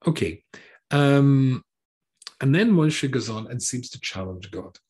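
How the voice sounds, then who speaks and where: Lively, wry rabbi teaching a text. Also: male voice, medium pitch, slow. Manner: wry asides, sarcastic jokes; hesitant restarts while translating. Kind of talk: Torah class.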